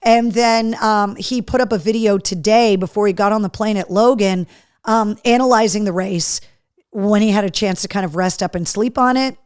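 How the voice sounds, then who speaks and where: A woman's voice: medium pitch, normal speed, smooth, no echo, clean studio sound. A woman hosting a live show in casual chat, talking easily and reading viewer comments aloud. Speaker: host.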